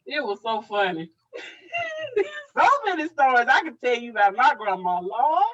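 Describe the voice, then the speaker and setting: A woman's voice: a little high, animated, normal speed, long pauses, a bit bright, far from the mic, dull audio. A woman co-hosting a casual chat, reminiscing. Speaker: co-host.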